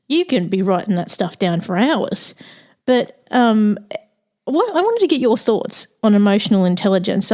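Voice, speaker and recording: A woman's voice: mid-range voice, dark tone. A woman interviewing a guest on a podcast, talking in a chatty, reflective way with many ums.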